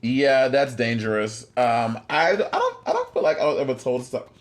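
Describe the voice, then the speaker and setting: A man's voice: mid-range voice, sing-song, normal speed. A young man co-hosting a podcast in casual chat, teasing his co-host and swearing freely.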